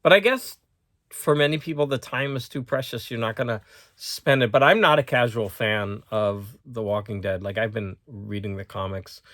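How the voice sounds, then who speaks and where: A man's voice: mid-range voice, normal speed, a bit bright, no room sound, studio quality. A man hosting a casual chat about movies and books, rambling along and often restarting his words. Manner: rambling, self-correcting, repeats words. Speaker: host.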